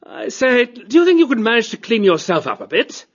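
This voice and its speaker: A man narrating a storybook and voicing a cultured, disdainful male cat aristocrat with a high, reedy tenor voice. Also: very animated, brisk, muffled recording, exaggerated voice. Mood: weary. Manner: fussy, disdainful, plummy.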